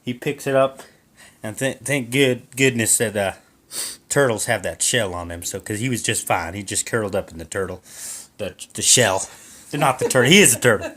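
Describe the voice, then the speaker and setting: Lively male storyteller, jumpy delivery, stumbles over words. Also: mid-range voice, normal speed. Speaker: co-host storyteller. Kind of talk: improvised comic storytelling.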